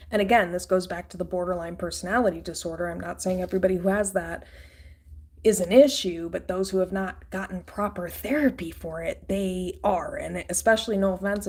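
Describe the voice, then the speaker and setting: A woman's voice: on the low side, darkish tone, breathy edge. A woman giving a casual tarot reading in a blunt, profane, rambling way. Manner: loose, rambling with fillers. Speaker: tarot reader.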